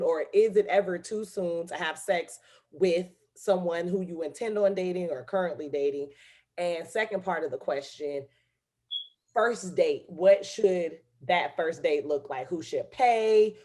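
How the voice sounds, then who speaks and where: A woman's voice: lowish voice, a little mellow. A woman hosting a podcast, talking frankly and laughing easily in casual chat. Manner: laughs often, candid and brash. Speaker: podcast host.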